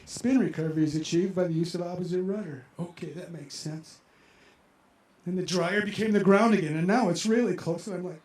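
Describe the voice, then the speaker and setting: Animated older man telling a story. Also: high voice, fairly quick, roomy sound. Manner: animated and emotional, acting out his own past reactions. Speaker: storyteller performing for an audience. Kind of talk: live personal storytelling. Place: outdoor amphitheater.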